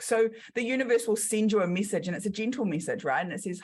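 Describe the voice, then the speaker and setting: A woman's voice: fairly low pitch, lively intonation, a little fast. A middle-aged woman with a New Zealand accent, a business coach guest who tells her story casually and acts out the quotes in it.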